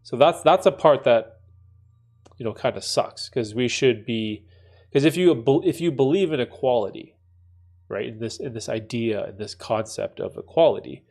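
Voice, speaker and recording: A man with a stuffy, congested voice, casually chatting with viewers on a live stream and reacting to their messages. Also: medium pitch. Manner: reads chat messages aloud and reacts, conversational with many fillers. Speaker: streamer answering chat.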